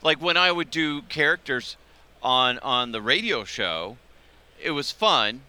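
A man's voice: medium pitch, animated, measured pace, bright, forceful tone, clear, resonant tone. A man hosting a podcast in casual chat, loose and profane, laughing at his own jokes. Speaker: podcast host. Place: convention radio row.

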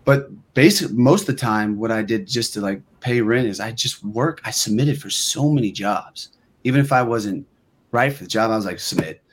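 A young male guest actor telling lively anecdotes in a relaxed podcast chat. His voice sits fairly low, and he acts out other people's lines as he goes. A faint hiss runs underneath. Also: moderate pace. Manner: animated storyteller acting out quotes.

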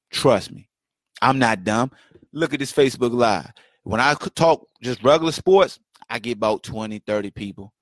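A man's voice: mid-range voice, no echo, studio quality. A man hosting his own podcast, delivering heated rhetorical commentary with lots of repetition and mocking questions. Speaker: podcast host. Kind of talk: impassioned solo commentary. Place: home setup, livestream.

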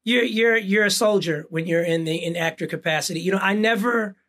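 A podcast host in casual conversation, with a gravelly voice full of vocal fry. He speaks earnestly and stresses his points as he builds them. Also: high-pitched, a little fast, a bit bright.

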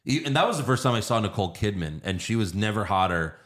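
A man in his thirties co-hosting a casual movie review podcast, profane and animated, slipping into quick impressions. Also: on the low side. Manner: profane, animated, mimics actors in quick bursts. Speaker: podcast co-host.

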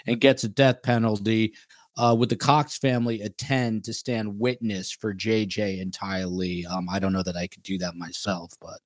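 A man's voice: lowish voice, little pitch movement, moderate pace, dry recording. A man with a New Jersey accent hosting a podcast, reading viewer questions aloud with lots of fillers. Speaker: podcast host.

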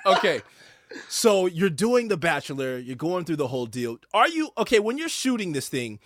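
High, lively-voiced man hosting. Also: dry recording, clean studio sound. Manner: excitable, playful questioning. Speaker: podcast host. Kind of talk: casual interview chat.

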